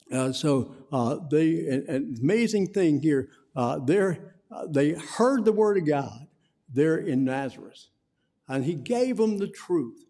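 Halting, mellow-voiced man teaching Scripture. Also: a little high. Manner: halting, many "uh" fillers, slow emphatic scripture reading. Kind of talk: Bible lesson and prayer.

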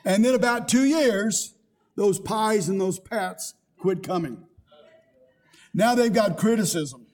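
A man's voice: high voice, normal speed, pauses often, darkish tone. An older man, a pastor, preaching a sermon with rising emphasis and quoted scripture.

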